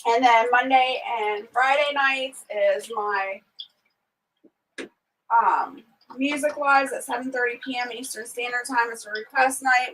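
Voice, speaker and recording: A chatty woman hosts a relaxed morning livestream from her home on a small farm. She laughs easily and calls out hellos to viewers by name in a fairly high voice. She sits a little back from the microphone. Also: distant mic, poor audio. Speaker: livestream host. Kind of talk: casual morning livestream chat.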